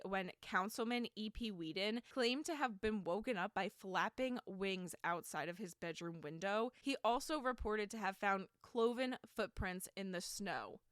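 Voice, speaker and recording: A woman's voice: mid-range voice, a bit bright, dry recording, studio quality. A woman hosting a solo podcast, telling a folklore story in a chatty, sarcastic way with lots of filler words. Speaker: podcast host.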